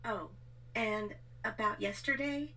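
A woman's voice: on the high side, slow, bright, forceful tone, full character voice, poor audio. A woman voicing a sleepy, irritated young woman who talks in a dismissive drawl. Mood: annoyed.

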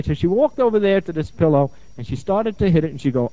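A middle-aged man, a therapist, lectures with animated storytelling and repeats phrases for emphasis. His voice sits fairly high and swings widely in pitch, yet the tone stays mellow. The recording is dry and dull. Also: a little fast, no echo. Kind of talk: lecture with anecdotes. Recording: dull, muffled lo-fi sound.

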